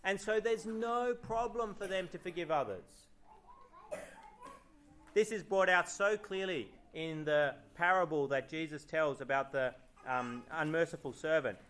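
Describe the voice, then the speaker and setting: A male pastor delivering an earnest sermon, his voice sitting a little higher than most men's. He poses rhetorical questions to the congregation and reads passages of scripture aloud between them. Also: a little slow, a bit bright, slight background noise. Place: church.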